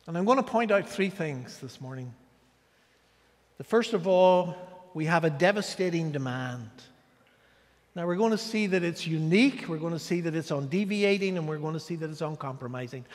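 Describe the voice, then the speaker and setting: Male guest preacher, high-pitched, theatrical storytelling delivery, long church reverb. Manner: dramatic storytelling, swinging from loud declarations to hushed asides. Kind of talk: sermon. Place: church sanctuary.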